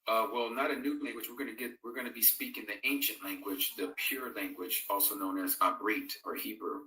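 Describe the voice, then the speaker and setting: Deep, sharp-toned man hosting a live stream. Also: steady tone, a little fast, recorded from a distance. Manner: reads out viewers' comments and answers them conversationally. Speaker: host of a live-streamed Bible fellowship. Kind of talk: casual live-stream chat and scripture reading. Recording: echoey room, voice away from the mic.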